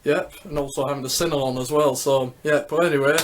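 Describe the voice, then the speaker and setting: A man's voice: a little high, steady tone, quick pace, noisy background. A man giving casual vlog commentary on a ranking list, talking hesitantly, repeating words and falling back on "so yep" while he searches for what to say. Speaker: YouTuber ranking Olympic Games.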